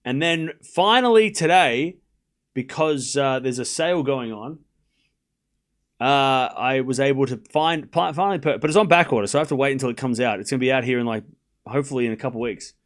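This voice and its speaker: A man's voice: mid-range voice, fairly quick. A young Australian man giving casual, self-deprecating live tennis commentary to his stream chat.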